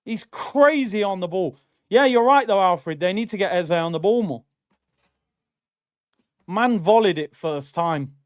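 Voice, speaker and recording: A man's voice: high-pitched, animated, measured pace, long pauses, lo-fi sound. A young adult man hosting a live football watchalong stream, reacting to the match and reading out chat messages in an exasperated, slangy rant.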